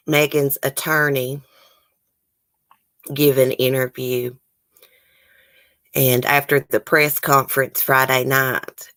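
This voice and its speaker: Woman with a low voice, near tears, casual livestream chat, sighing, dry close sound. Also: fairly bright tone, no room sound. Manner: emotional, tearful, sighing, talks to chat. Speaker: true crime channel host. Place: home, near the case area.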